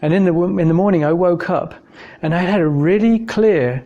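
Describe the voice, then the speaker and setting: A man's voice: sits high, moderate pace, dark tone, lo-fi sound. A man from England giving an informal talk, telling personal stories in a thoughtful conversational way with frequent fillers. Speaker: speaker giving a talk on evidence for God.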